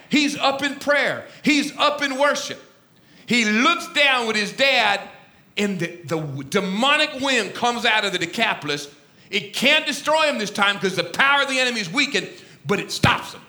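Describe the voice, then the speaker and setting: A man preaching a sermon, telling a story dramatically, swinging from loud to hushed. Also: high voice, reverberant. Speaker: pastor.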